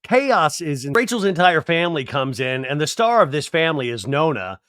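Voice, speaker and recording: A man's voice: on the high side, moderate pace, smooth, no echo. Jokey man recapping TV, dry close voice. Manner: animated, digressive, jokey. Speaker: podcast host. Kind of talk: casual comedic TV recap.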